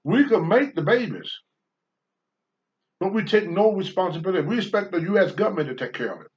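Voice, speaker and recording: On a talk show, an older ex-wrestler speaks bluntly and profanely while telling candid stories. His voice sits high, with lively intonation and a slightly fast pace, and the recording is dull and lo-fi.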